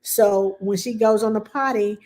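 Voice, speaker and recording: A woman at middle pitch, speaking as a nanny taking viewer questions about babies. She is casual and reassuring, stressing points with a run of "yes." She acts out baby sounds and her own quoted lines with lively energy. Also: a little slow. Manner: reassuring, repeats "yes" for emphasis. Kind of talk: casual Q&A talk.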